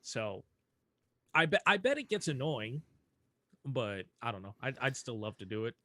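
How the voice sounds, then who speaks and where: An animated young man chatting casually on a podcast, laughing and cursing freely. His voice sits in a middle register. The sound is close and dry, with no room echo. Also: mid-range voice, moderate pace. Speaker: podcast co-host. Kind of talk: casual chat.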